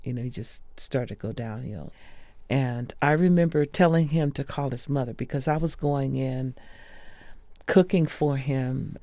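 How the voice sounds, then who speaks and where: A woman sharing personal memories of a close friend in an interview, soft-spoken and often dropping to a hush. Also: rumbling low, unhurried, no echo.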